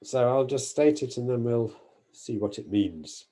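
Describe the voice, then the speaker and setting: A man giving a university mathematics lecture, explaining carefully, pausing on fillers and correcting himself. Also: medium pitch, animated, dark tone.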